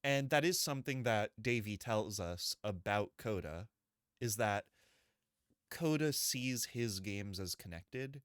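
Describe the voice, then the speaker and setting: A man's voice: lowish voice, expressive, clean tone, no echo, studio quality. A man streaming a video game, chatting casually in a jokey, rambling way. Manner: jokey, rambling, quick laughs. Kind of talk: casual gameplay commentary.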